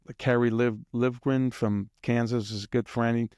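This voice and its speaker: A man's voice: mid-range voice, level tone, moderate pace, a little mellow, clear, resonant tone, no room sound, clean studio sound. A man guest on an interview, rambling through anecdotes and sometimes mimicking drum beats in a casual, chuckling way. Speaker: guest drummer.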